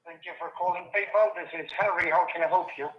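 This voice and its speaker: A man's voice: high-pitched, fairly even intonation, quick pace. Man on a muffled echoey phone line. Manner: formulaic, insistent questioning. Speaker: scam call agent. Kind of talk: scripted call-center talk.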